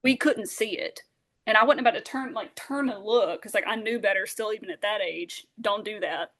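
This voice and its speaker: A woman, a podcast guest telling a lively story and acting out the voices of those in it. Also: mid-range voice, normal speed. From Southern Alabama. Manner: animated, acts out dialogue, many fillers. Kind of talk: storytelling in casual interview.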